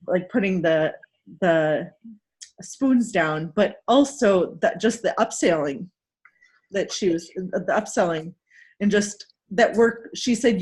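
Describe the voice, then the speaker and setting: A woman hosting a casual recap chat, telling a story in an animated way and acting out the people in it. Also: mid-range voice. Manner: animated storytelling, acts out quoted people, laughs often.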